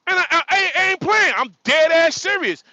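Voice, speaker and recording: A man's voice: very high voice, animated, moderate pace, bright, forceful tone, no room sound, poor audio. A man, a trucker hosting a casual livestream, joking and repeating himself as he talks. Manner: joking, repetitive, frequent laughter. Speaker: livestream host; truck driver.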